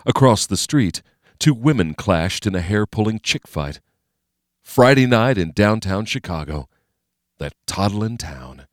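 A man reading a novel aloud as narrator, in a steady, measured way. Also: lowish voice, no room sound, clean studio sound. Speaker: audiobook narrator. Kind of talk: scripted narration.

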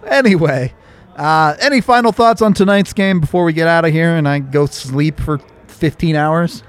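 A man with a fairly high speaking voice hosts a casual sports podcast. He keeps the chat relaxed and laughs easily between points. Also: unhurried, clean tone. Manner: easygoing, laughs often. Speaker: podcast host.

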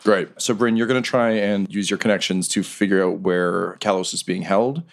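A man's voice: sits low, fairly even intonation, moderate pace, creaky. A man narrating a tabletop game as game master in a casual, laughing way. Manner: casual, laughing, loose storytelling.

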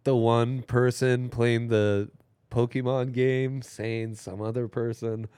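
A man co-hosting a casual sports betting chat, trading quick playful banter and laughing often. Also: mid-range voice, level tone, darkish tone, clean tone, no echo. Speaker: sports betting podcast co-host.

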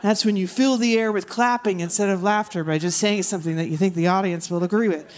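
A woman doing a stand-up comedy set on a theater stage, animated and ranting. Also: mid-range voice, fast. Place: theater stage with live audience. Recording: live theater with crowd noise.

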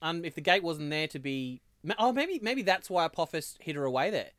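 A man's voice: fairly high pitch, expressive, a little fast, fairly bright tone, no room sound, clean studio sound. A man in casual podcast chat, thoughtful, reasoning things through.

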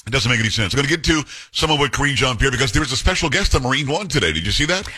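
A quick-talking male talk radio host whose pitch leaps around as he jokes and teases. His voice is bright and a little husky, and he banters casually in a broadcast studio. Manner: animated, teasing, mimics voices.

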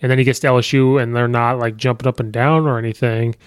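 A man's voice: medium pitch, little pitch movement, fast, smooth, no room sound. A man hosting a sports podcast, chatting casually and thinking aloud with frequent fillers as he weighs coaching records. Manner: conversational, thinks aloud with ums and you-knows. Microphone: podcast microphone.

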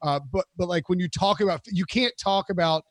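High-ish voiced guy rambling through sports talk, lots of likes and ums, dry sound. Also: a little fast, no room sound. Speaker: podcast co-host. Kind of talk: casual sports chat.

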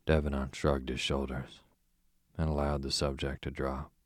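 Man reading a sleep story, super deep voice, dry close mic, calm. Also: moderate pace, dry recording. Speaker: narrator.

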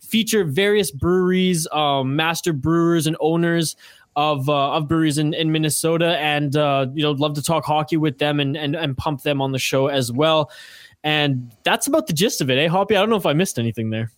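An upbeat man talking on a podcast, a little higher-pitched than most men. The sound is close and dry. He jokes and laughs easily through casual chat. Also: fairly quick, dry recording. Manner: upbeat, jokey, laughs often. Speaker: podcast co-host guest.

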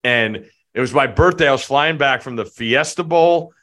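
A man's voice: mid-range voice, normal speed, fairly bright tone. A man co-hosting a podcast, in friendly casual chat, checking in on his friend. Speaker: podcast co-host.

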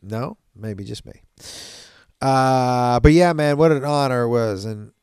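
Brief: male podcast host, loose, salty storyteller, smooth dry-miked voice. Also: medium pitch, takes it slowly, no room sound. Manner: profane, animated, laughing between stories. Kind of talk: casual storytelling chat.

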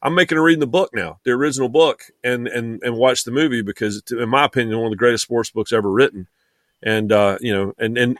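A man's voice: mid-range voice, no echo. A man chatting as a guest on a sports podcast, rambling with many restarts and fillers. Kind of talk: casual chat.

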